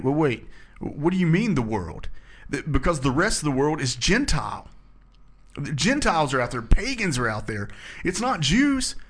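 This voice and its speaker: A man leading a casual scripture discussion, reading verses aloud and explaining them in an earnest, emphatic way. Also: fairly high pitch. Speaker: Bible study discussion leader.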